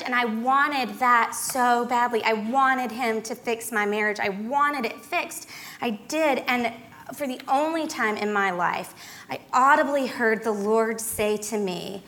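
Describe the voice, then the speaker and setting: Woman, dramatic storyteller, fairly high voice, faint background noise. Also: a little slow, sharp tone. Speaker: guest speaker. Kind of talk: personal testimony.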